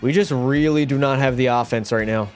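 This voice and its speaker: A man's voice: mid-range voice, fairly quick, soft background music. A young man streaming a hockey game live, talking to his chat, swearing and getting fired up, a bit tipsy. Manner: profane, excitable, talks to chat. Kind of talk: live gameplay commentary.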